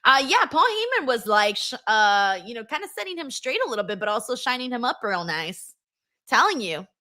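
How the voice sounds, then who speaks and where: A woman's voice: a little high, very animated, brisk, bright, forceful tone. A woman hosting a casual live stream, reading viewer comments aloud and reacting with emotional, swearing chatter. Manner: emotional, swears, reads chat messages aloud.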